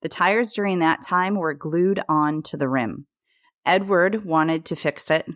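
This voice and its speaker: A woman's voice: low-pitched, a little slow, a bit bright, no room sound, studio quality. A woman co-hosting a podcast, telling a history story in a chatty way and correcting her own slips and pronunciations. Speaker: podcast co-host.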